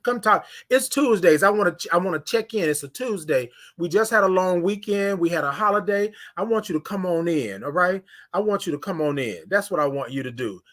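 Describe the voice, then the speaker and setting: High-voiced animated male livestream host. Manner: animated, greets viewers by name, drawn-out sung greetings. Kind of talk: casual morning livestream chat.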